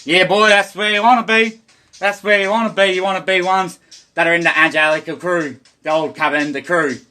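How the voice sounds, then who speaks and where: Rambling, cursing Australian man, high bright voice. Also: steady tone, brisk. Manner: rambling, profane, stream-of-consciousness. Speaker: livestreamer. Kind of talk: rambling monologue.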